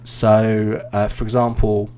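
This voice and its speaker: A British man, an IELTS teacher, giving relaxed, explanatory feedback in a live online class, with plenty of ums and uhs. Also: lowish voice, takes it slowly, smooth.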